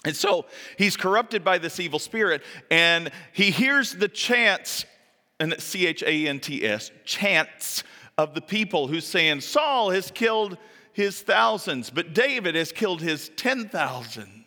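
A man preaching, retelling a story with lively emphasis. His pitch leaps up and his voice grows louder when he acts out characters' words. His forceful, bright tone rings out in a hall with a long reverb. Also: a little slow. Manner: animated storytelling, acting out quoted lines with sudden high pitch. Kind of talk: sermon.

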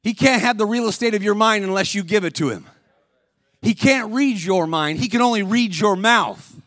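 A man preaching as a guest speaker at a church service, calling out to the congregation and rising to shouts. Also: high-pitched, moderate pace, dry recording, clean studio sound. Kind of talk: sermon. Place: church sanctuary.

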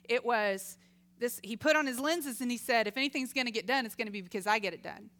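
A middle-aged woman giving a casual Christian teaching talk, telling stories lively and acting out voices. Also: fairly high pitch, fast. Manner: lively storytelling, acts out quoted voices, laughs often. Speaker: Christian speaker.

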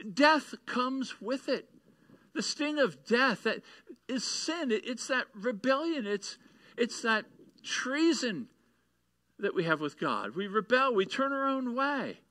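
A man's voice: extremely high pitch, bright, forceful tone, no room sound, poor audio. A man preaching a sermon, reading scripture and building to taunting, emphatic peaks. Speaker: pastor.

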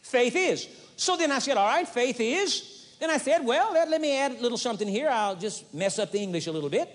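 A man's voice: very high voice, animated, brisk. A man preaching a sermon with emphasis, driving points home by repeating short phrases. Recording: long hall reverb, 1980s audio tape.

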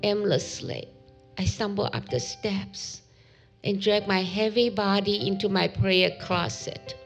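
A mother reading her testimony in a gentle, sorrowful storytelling voice. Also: mid-range voice. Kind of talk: read testimony narration.

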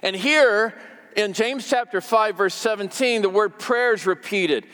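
High-voiced man preaching in a reverberant hall. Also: unhurried, pushed and bright. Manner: conversational, repeats words for emphasis. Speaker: pastor. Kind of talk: sermon.

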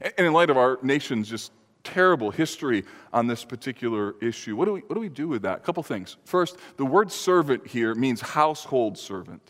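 A man's voice: mid-range voice, big pitch swings, a little fast, a bit bright. A male pastor preaching a sermon, earnest and emphatic, rising for stress and dropping to near-confiding tones. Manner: earnest, emphatic preaching with sudden lifts and drops. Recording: reverberant hall.

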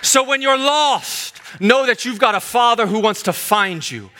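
Male pastor, high and bright, fervent sermon delivery with hushed drops. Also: animated, unhurried, some chatter behind. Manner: swings from loud fervent preaching to hushed intimate delivery.

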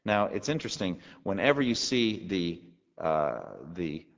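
A male pastor with a very low voice delivers a teaching sermon, talking through the text conversationally and tossing rhetorical questions to the congregation. His voice rings with a long hall reverb and comes through a dull, lo-fi recording. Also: animated, a little slow.

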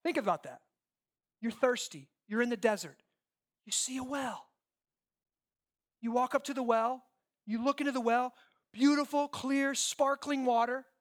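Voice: medium pitch, measured pace, long pauses. A pastor preaching a sermon in an emphatic way, using repeated lists and rhetorical questions and checking in with listeners often.

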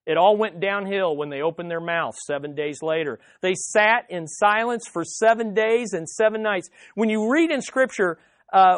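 A man preaching a sermon as pastor, speaking directly to the listeners and emphatically repeating his key phrases, swinging between loud and hushed. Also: high-pitched, no echo, clean studio sound.

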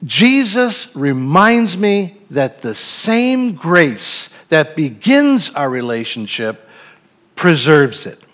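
A man's voice: a little high, very animated, slow, a bit bright. A man preaching a sermon, reading a Bible passage and then reflecting on it in an earnest, thoughtful way.

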